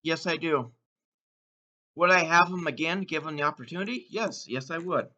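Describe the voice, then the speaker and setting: A man taste-testing candy in a casual vlog, exuberant, letting out whoops between slow, savoring remarks. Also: on the high side, sharp tone, dull audio. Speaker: candy taste-test vlogger. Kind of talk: casual taste-test commentary.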